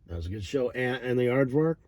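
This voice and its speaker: A middle-aged man telling a rambling, digressive story in a profane, deadpan way. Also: medium pitch, no room sound. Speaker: vlogger. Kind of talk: rambling monologue.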